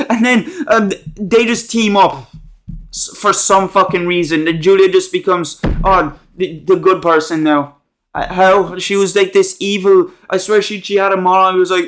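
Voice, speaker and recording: Young guy with a high voice, rambling sarcastic movie rant, lots of slang and "like". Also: moderate pace, a bit bright. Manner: sarcastic, slangy, rambling with many fillers and restarts. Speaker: movie reviewer.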